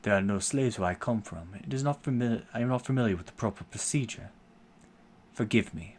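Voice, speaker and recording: A man's voice: on the low side, a little fast, slight background noise, natural voice. A man voicing an earnest young German witch hunter in a wavering put-on German accent, speaking in formal thee and thou phrasing. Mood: apologetic. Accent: put-on German, slipping. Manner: formal old-fashioned thee and thou speech. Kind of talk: reading game dialogue aloud.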